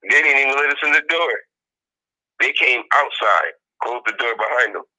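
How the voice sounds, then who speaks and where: A man's voice: medium pitch, moderate pace, rough recording. A man co-hosting a casual talk show, reacting to a played clip and repeating his points with emphasis. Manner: animated, repeats points, mimics quotes. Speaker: podcast co-host.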